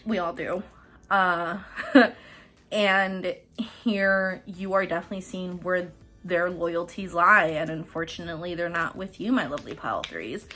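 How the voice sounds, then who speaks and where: A woman's voice: fairly low pitch, measured pace, bright, forceful tone, faint music behind. A woman hosting a casual pick-a-card tarot reading, chatty and profane, often laughing mid-sentence. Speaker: tarot reader and host.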